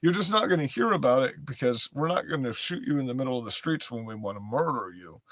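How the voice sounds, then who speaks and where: A man's voice: mid-range voice, lively intonation, fast, a bit bright, no room sound. A young man reading news headlines aloud and breaking into profane, aggressive, mocking rants as a commentary host.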